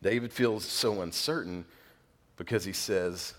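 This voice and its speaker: Low-voiced pastor preaching in a reverberant hall. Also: male voice, unhurried, a bit bright. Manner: conversational and earnest, casual fillers. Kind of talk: sermon. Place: church sanctuary. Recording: long reverb of a large hall.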